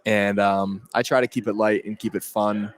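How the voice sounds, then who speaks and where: A young man from Connecticut, a college quarterback, giving relaxed interview answers with frequent laughs. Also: on the low side, normal speed. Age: young adult. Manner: easygoing, laughs often, restarts.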